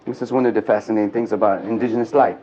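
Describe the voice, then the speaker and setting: A man's voice: fairly low pitch, racing, muffled recording. Earthy male storyteller, old archive tape. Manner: animated and earthy, mixing jokes and blunt language. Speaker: speaker at a men's gathering. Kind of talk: storytelling lecture to a live audience.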